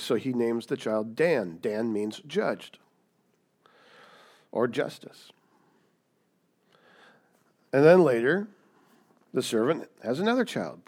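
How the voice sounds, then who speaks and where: Animated man preaching a sermon. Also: mid-range voice. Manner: animated, emphatic preaching with rhetorical questions. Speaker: pastor.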